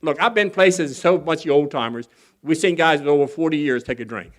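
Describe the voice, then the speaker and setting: A man's voice: a little high, quick pace. A man speaking as guest at a recovery convention, telling his personal story in a folksy, candid and earnest way with some humor. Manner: acts out other people's voices when quoting them.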